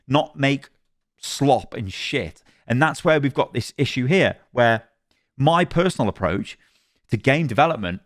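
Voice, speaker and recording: A man commenting on games, reacting to a review he reads aloud, animated and rambling, with frequent laughs and restarts. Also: mid-range voice, no room sound, clean studio sound. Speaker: gaming commentator.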